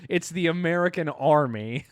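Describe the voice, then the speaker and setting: A man co-hosting a casual podcast, telling a story with animation and acting out the quotes in rough, profane voices. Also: on the high side, normal speed, dry recording, studio quality. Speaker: podcast co-host. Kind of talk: casual chat.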